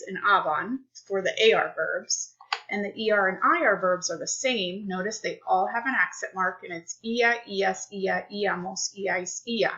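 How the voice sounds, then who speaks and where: Slow, bright-voiced woman teaching Spanish. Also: mid-range voice, highs cut off. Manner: clear, explanatory, unhurried. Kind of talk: recorded classroom lesson.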